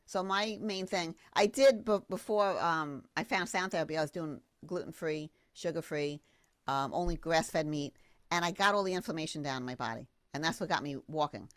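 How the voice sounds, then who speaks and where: A woman, a sound therapist guesting on a podcast, telling a story in an enthusiastic, expressive, rambling way. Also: sits low, moderate pace, dry recording. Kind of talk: animated storytelling.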